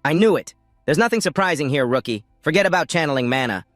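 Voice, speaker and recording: A man's voice: mid-range voice, very animated, a little fast, fairly bright tone, dry recording, studio quality, faint music behind, voice pushed up. A man voicing an arrogant, scheming young male noble student who talks in a mocking, angry way, in a storybook recap.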